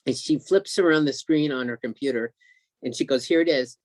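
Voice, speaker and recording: A man telling an excited, emotional story as a guest on a video call, acting out what others said. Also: medium pitch, a little fast, dry recording. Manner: excited, emotional storyteller who acts out quotes.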